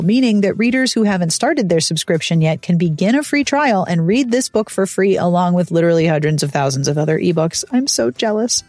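A woman's voice: medium pitch, darkish tone, no room sound. A woman hosting a book podcast, reading a sponsor spot and chatting with playful, sardonic asides. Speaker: podcast host. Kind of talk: casual podcast chat and sponsor read.

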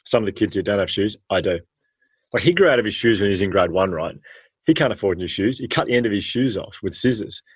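An Australian man, a former teacher, telling stories with animated, slangy energy in an interview. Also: on the low side, fast talker, slightly rough, dry recording. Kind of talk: storytelling in a podcast interview.

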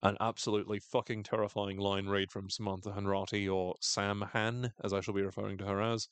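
A male podcast co-host runs through a show recap in relaxed chat, trading sardonic jokes and cursing freely. He speaks fairly quickly in a lowish, level, clear and resonant voice, with no echo.

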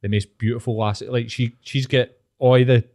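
A Scottish man chatting on a podcast, dropping swear words and laughing through his stories. His pitch sits in the middle for a man, neither high nor low. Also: flat delivery, normal speed, a little mellow. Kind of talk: casual chat.

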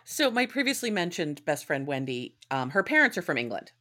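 Low-voiced expressive woman co-host. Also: a little fast. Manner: storytelling, expressive, swears casually. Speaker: podcast co-host. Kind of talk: casual recap chat.

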